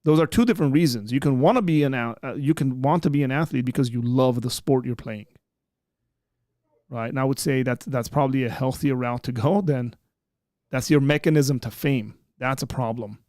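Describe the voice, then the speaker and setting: A man's voice: mid-range voice, fairly quick, darkish tone, no echo, clean studio sound. A man hosting a casual livestream chat, rambling with many fillers and restarts. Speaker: host.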